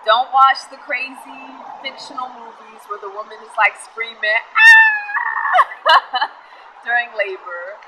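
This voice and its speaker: A woman's voice: on the high side, normal speed, bright, forceful tone, a little hiss or hum, rough recording. A pregnant young woman talking casually to camera in a vlog, explaining earnestly with fillers and small laughs. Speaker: vlogger.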